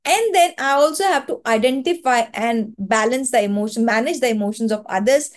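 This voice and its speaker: A woman's voice: fairly high pitch, a little fast. A woman with an Indian accent leading an online training webinar, talking in an earnest, coaching way and repeating words for emphasis over a video call mic. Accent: Indian English.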